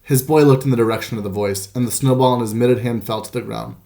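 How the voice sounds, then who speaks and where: A man reading a children's storybook aloud as the narrator, in a measured, gentle way. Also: mid-range voice, fairly even intonation, gravelly. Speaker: audiobook narrator. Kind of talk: scripted narration.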